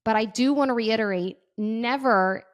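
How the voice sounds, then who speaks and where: A woman in her thirties hosting a casual advice podcast, chatty and quick to act out little bits of dialogue. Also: a little high. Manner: chatty, says "like" often, acts out dialogue. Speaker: podcast host.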